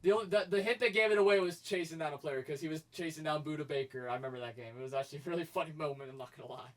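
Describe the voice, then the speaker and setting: A man co-hosting a casual sports podcast, talking in an excitable, animated way. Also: on the high side, rapid-fire, distant mic. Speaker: co-host.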